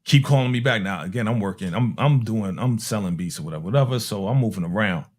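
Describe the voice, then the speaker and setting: A man from Harlem, a music producer telling a story in a casual, animated way and acting out the people in it. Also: lowish voice, fast. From Harlem, New York. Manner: animated, acts out other people's voices with slang.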